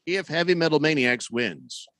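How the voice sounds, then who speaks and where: On a studio broadcast mic with no echo, a man with a high-side, sharp-toned voice hosts a sports radio show at a moderate pace. He's expressive as he chats and reads listener messages, rambling wryly and correcting himself along the way.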